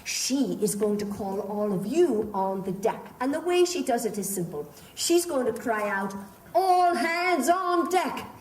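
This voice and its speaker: A woman's voice: medium pitch, animated, moderate pace, hardly any pauses, darkish tone. A woman performer leading a live audience through a pirate-themed participation show, theatrical and doting, calling her volunteers love and darling. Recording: echoey room from a distance, faint crowd and noise.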